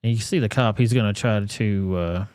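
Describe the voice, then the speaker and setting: Low, mellow Southern-accented man, blunt. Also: normal speed, smooth, no room sound. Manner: profane, blunt, rambling. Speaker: commentary channel host. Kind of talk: casual reaction commentary.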